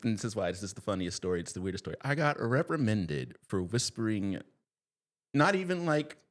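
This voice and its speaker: A man guest on a podcast, telling a story in a casual, animated way and laughing as he goes. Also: fairly low pitch, a little fast.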